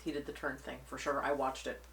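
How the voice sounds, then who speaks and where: A woman's voice: extremely low pitch, flat delivery, fairly quick, roomy sound, crowd noise. Woman chiming in from off-mic. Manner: chimes in, corrects details. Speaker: co-host, host's wife. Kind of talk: casual movie chat. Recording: voice a bit distant from the mic.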